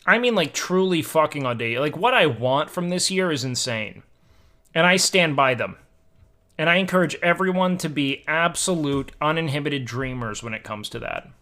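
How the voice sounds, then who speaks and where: A man's voice: a little high, expressive, moderate pace, bright, forceful tone. A young man livestreaming, chatting casually and musing aloud to his chat, swearing now and then, at a home desk mic.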